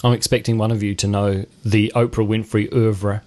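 A man's voice: fairly low pitch, little pitch movement, moderate pace, darkish tone. Wry rambling male film reviewer. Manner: rambling, wry, many restarts. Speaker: film review show host. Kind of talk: casual film review chat.

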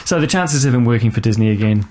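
A man's voice: mid-range voice, lively intonation, fast talker, darkish tone. Rambling New man, casual host. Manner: rambling, hesitant, many fillers and restarts. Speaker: co-host of a film podcast. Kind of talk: casual chat.

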